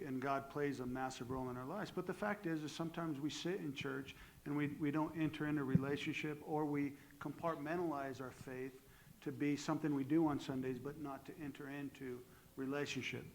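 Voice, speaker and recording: Halting middle-aged pastor moderating a panel. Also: male voice, on the high side, fairly even intonation, a little hiss or hum, low-quality recording. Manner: halting, restarts often, searching for words. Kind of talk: moderating a church panel discussion. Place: church.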